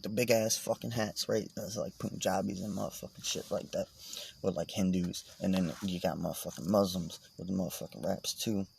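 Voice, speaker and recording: Low-voiced man rambling profanely. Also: gravelly, darkish tone, slight background noise. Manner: profane, meandering, joking. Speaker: vlogger. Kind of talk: casual rambling monologue.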